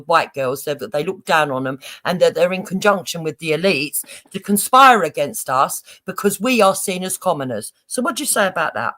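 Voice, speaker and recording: A woman's voice: deep voice, fairly bright tone. A woman in an online debate who talks back in a combative, accusing way.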